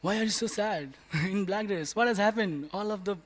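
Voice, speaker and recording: A man's voice: sits high, moderate pace. A man voicing a puzzled king who asks bewildered questions.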